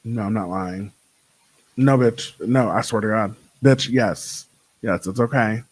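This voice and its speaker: A young man hosting his own show, chatting casually with a sassy, profane, animated way of telling stories. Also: lowish voice, a little slow, slightly rough, no echo, rough recording. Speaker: podcast host. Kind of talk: casual solo chat.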